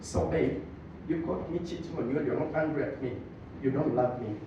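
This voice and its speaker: Whiny girlfriend, voiced by a Tanzanian male comic, hushed and grumbling, muffled distant club sound. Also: mid-range voice, fairly quick, very echoey, a little hiss or hum, voice pushed down, natural voice. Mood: sulky. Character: complaining girlfriend, sulky young woman.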